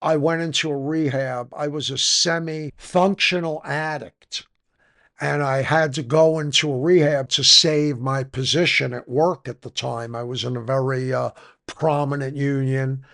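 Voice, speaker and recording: A man's voice: mid-range voice, steady tone, unhurried, vocal fry, fairly bright tone. An older man, telling his personal recovery story frankly in a conversational interview. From New York. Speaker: podcast guest.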